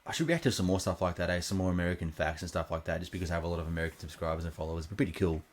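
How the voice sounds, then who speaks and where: A man's voice: low voice, rapid-fire. A man with an Australian accent, hosting a reaction video in a rambling, casual way with lots of ums and restarts.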